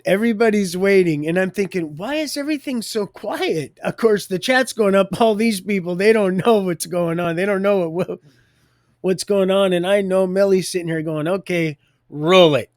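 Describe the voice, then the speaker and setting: A man's voice: high-pitched, steady tone, normal speed, a little mellow, no echo, studio quality. A man hosting a live stream, telling a faith story in a rambling way, often laughing mid-sentence and repeating his words.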